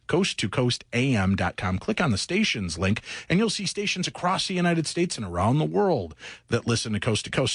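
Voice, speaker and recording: A man's voice: medium pitch, breathy edge, dry recording, clean studio sound. A man hosting a late-night radio talk show, chatty and jokey as he takes callers and runs promos. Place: radio studio.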